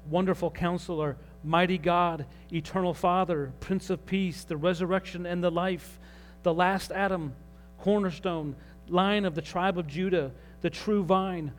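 A man's voice: fairly high pitch, slight background noise. A man preaching as a pastor, earnest and rising in emphasis on key phrases. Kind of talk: sermon.

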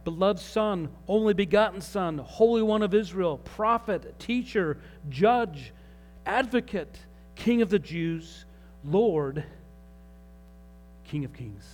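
A man's voice: high-pitched, lively intonation, takes it slowly. Man preaching a Sunday sermon. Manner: earnest preaching, rising with emphasis on key phrases. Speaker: pastor.

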